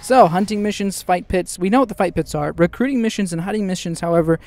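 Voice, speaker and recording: A man hosting a casual game news show, excitable and jokey, tossing in quick asides. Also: high-pitched. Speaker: gaming news host.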